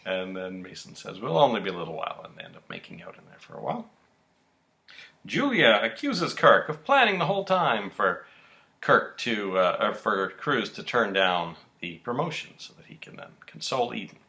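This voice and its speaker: A low, gravelly man's voice with a bright edge, recapping soap-opera episodes casually. He tells it with lots of pitch movement and acts out the quotes. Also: moderate pace. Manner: animated storytelling, acting out quotes. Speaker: podcast co-host.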